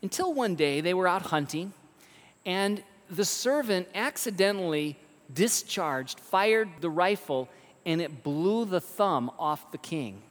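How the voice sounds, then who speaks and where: A man preaching a sermon, telling stories with emphatic, animated delivery and rhetorical questions. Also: high-pitched, slow pace. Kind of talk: sermon storytelling. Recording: long reverb of a large hall.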